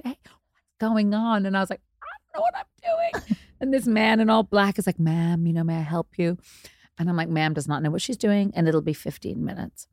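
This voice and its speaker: A woman, a DJ telling candid, self-deprecating stories as an interview guest and jumping her pitch to act out quotes. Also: dry recording, clean studio sound. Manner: chatty, self-deprecating, acts out quotes with big pitch jumps.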